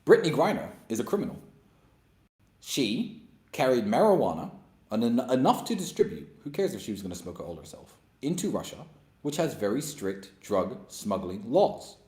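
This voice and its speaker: A man's voice: medium pitch, big pitch swings, moderate pace, a little mellow, echoey room. A man hosting a question-and-answer session, giving blunt, emphatic and sarcastic opinions. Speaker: host answering viewer questions. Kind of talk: opinionated monologue.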